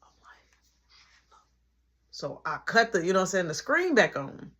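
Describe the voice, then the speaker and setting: A man telling a comedic story from his childhood, animated and acting out each person. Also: sits high, moderate pace, slightly rough. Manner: animated, acts out every voice.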